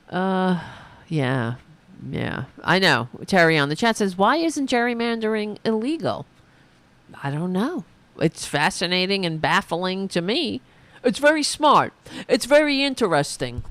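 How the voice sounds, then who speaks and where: A woman hosting a political talk show, ranting with indignation and many restarts. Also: mid-range voice. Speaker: podcast host. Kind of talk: political commentary.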